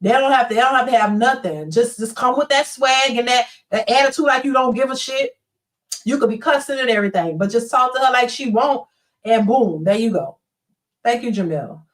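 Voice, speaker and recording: A woman with a fairly high voice runs a live stream, chatting bluntly and with lots of animation as she reads viewer chat aloud. She throws in quick imitations of other people. She sits a little away from the microphone, so she sounds somewhat distant.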